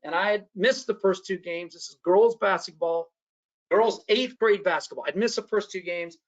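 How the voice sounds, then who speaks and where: A man's voice: sits high, normal speed. A man tells a story in a workshop presentation. He stops often on "uh, uh" and keeps asking the audience "right?" The sound is muffled, like lo-fi webinar audio. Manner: storytelling, frequent "uh, uh" and tag questions "right?". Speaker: workshop speaker.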